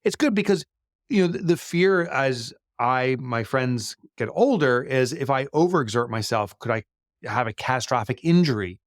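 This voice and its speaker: A man's voice: mid-range voice, animated, normal speed, no room sound, clean studio sound. A middle-aged man answering interview questions in a chatty way, often with fillers and restarts. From United States. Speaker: guest, business author.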